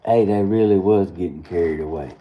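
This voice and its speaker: A man's voice: sits low, fairly quick, lo-fi sound. A young Southern man from Georgia, chatting casually on his morning live stream and telling a rambling story with frequent laughter. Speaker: host of a live morning show.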